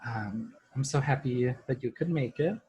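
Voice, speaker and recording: A man voicing a poised young noblewoman, speaking quietly under the breath. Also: mid-range voice, moderate pace, breathy edge, dry recording, lo-fi sound. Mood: strained polite.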